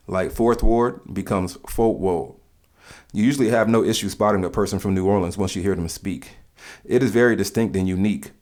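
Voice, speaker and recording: A man narrating in a calm, measured, scripted way, explaining things to the listener. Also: fairly low pitch.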